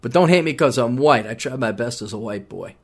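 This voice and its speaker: A man's voice: medium pitch, fairly quick. Sarcastic rambling male podcast host. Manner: sarcastic, rambling, animated mock rants. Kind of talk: casual monologue.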